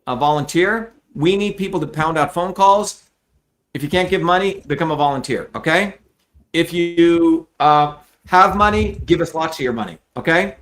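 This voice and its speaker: A middle-aged man hosting a live telethon, his voice sitting a little high for a man. He talks straight to his viewers in a blunt, emphatic pitch, swearing freely as he explains and urges. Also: fairly bright tone. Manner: blunt, profane and emphatic, addressing viewers directly. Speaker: host of a live fundraising telethon.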